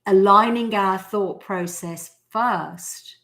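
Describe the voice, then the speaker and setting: A woman's voice: medium pitch, slow, a bit bright. An Australian woman in her forties hosting a live stream, talking casually and telling stories with acted-out quotes. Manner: chatty storyteller who acts out quotes.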